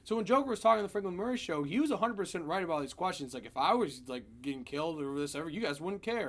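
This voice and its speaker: A man giving a casual spoiler review of a film, retelling scenes in an animated, profane way. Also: a little high.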